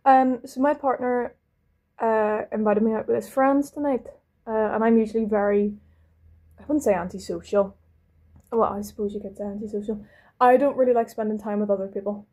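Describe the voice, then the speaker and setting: A woman's voice: on the high side, steady tone, moderate pace, warm tone. Rambling young woman with a Belfast accent. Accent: Northern Irish, Belfast. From London. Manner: rambling, self-interrupting, swears casually. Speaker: vlogger. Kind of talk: casual chat while doing makeup.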